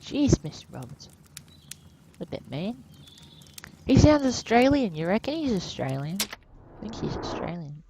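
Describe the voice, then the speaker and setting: A woman's voice: low-pitched, big pitch swings, moderate pace, vocal fry, long pauses, background noise. A woman giving casual, playful commentary while playing a detective game. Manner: playful musing asides. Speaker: gamer. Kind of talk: casual let's play commentary.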